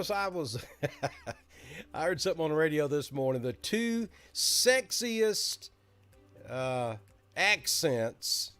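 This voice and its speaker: A man's voice: a little high, fairly bright tone. A middle-aged man from Alabama with a Southern accent, hosting a casual live weather chat in a folksy, chatty way. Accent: Southern American, Alabama.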